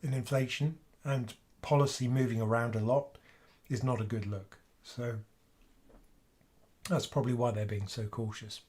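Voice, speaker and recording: A man's voice: mid-range voice, fairly even intonation, moderate pace, a little mellow. A man hosting a finance livestream from home, with a sore throat, talking casually and thinking aloud with fillers. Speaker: finance channel host.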